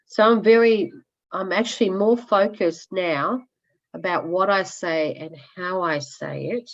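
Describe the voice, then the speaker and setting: A fairly low-voiced woman shares her progress on a casual group coaching call, loud, candid and animated, with blunt asides. Her voice comes through muffled and lo-fi, as over a web call. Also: a little slow. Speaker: coaching client sharing progress.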